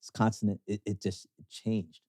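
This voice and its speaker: Recorded with studio quality and no room sound, this Canadian co-host talks at normal speed. His casual storytelling is expressive, and he lowers his voice for quoted lines.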